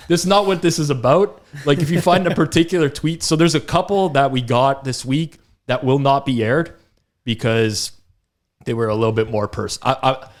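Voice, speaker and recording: A man talking casually as co-host of a sports betting podcast, his voice at an ordinary middle pitch for a man. He tells stories with energy, breaks into laughter and puts on quick voices for the people he quotes. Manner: animated storyteller, laughs often, acts out quotes. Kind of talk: casual chat.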